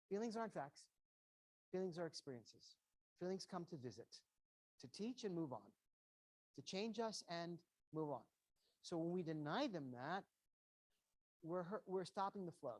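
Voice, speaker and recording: A man giving an earnest lecture to parents, stressing his points by repeating them and acting out short quoted exchanges. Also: fairly high pitch. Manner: earnest, emphatic, repeats key phrases; acts out little quoted exchanges. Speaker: guest educator speaking to parents. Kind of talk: motivational lecture with slides.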